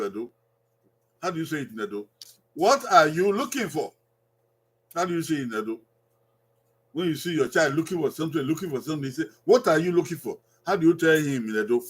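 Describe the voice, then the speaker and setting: A man leads a language lesson, his voice pitched a little high. He drills short phrases and keeps asking the learners how to say them. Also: a bit bright, slightly rough. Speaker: Edo language teacher. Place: evening cultural gathering.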